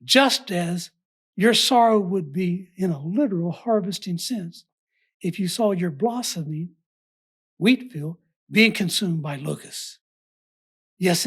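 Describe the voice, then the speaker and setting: A woman delivering a scripted Bible study sermon in a measured, emphatic, formal way. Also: on the low side, slightly rough. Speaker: preacher.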